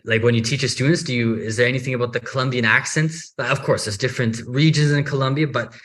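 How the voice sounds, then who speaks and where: A man hosting an interview about learning Spanish, talking in a relaxed, casual way with plenty of listening sounds. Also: medium pitch, quick pace. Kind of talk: conversational interview.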